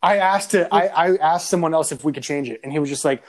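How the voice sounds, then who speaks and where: A man's voice: a little high, fast, few pauses. A man co-hosting a casual podcast, telling crude stories full of swearing and laughter. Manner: animated storyteller, swears a lot, laughs often. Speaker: podcast co-host.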